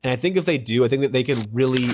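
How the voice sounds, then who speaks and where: A young man vlogging about football in a rambling, excitable way, with crude jokes and frequent restarts. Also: medium pitch, rapid-fire, a little hiss or hum. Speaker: sports vlogger. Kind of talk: casual sports rant to camera.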